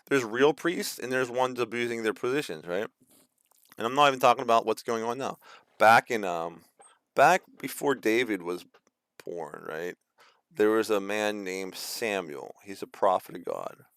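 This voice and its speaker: A man's voice: fairly low pitch, a bit bright, clear, resonant tone, no room sound. A man in his thirties, casually ranting in a rambling monologue full of fillers and restarts. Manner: acts out quoted voices mockingly. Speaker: video host.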